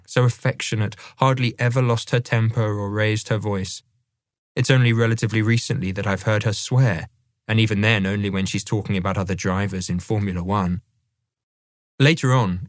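Low-voiced male audiobook narrator. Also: steady tone, no echo, studio quality. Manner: measured, conversational first-person reading.

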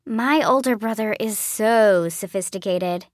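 A woman with a fairly high voice reads a children's audiobook as its young heroine. She tells the story in a lively, girlish manner at an unhurried pace. Her voice is dry and close to the mic. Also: no echo. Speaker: audiobook narrator. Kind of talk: scripted narration.

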